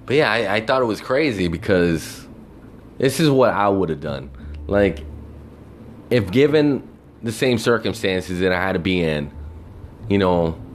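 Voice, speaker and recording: Low-voiced man ranting with wide swings. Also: unhurried, pauses often, a little hiss or hum. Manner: profane, exasperated storytelling; animated, mimics people in quotes. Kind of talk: casual storytime rant.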